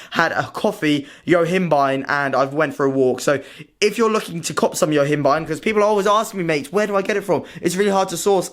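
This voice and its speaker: A young British man vlogging casually to his own camera at home and in his car, excitable, slangy and full of swearing. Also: fairly high pitch. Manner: excitable, slangy and sweary, keeps saying "mate". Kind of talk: casual vlog chat to camera. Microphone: self-filmed camera.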